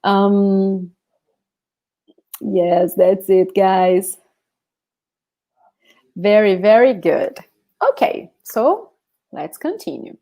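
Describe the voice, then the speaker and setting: A woman from Brazil with a Brazilian Portuguese accent, teaching a live online lesson, greeting viewers by name and explaining slowly. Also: medium pitch, steady tone, dark tone. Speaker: language teacher.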